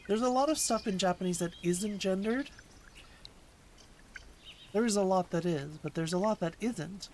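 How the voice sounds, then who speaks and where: A woman's voice: medium pitch, normal speed, pauses often, a little mellow, slight background noise. A woman streamer chatting casually with her chat while teaching Japanese, answering questions in a playful way.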